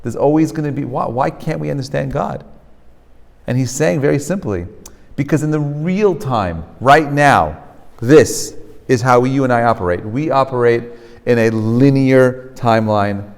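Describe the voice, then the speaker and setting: Male rabbi, mid pitch, animated teaching style that keeps asking "right?", long hall echo. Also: unhurried, creaky. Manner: animated, often checks in with "right?"; mixes Hebrew terms into English. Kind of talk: lecture to a live class. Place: lecture hall with a live audience.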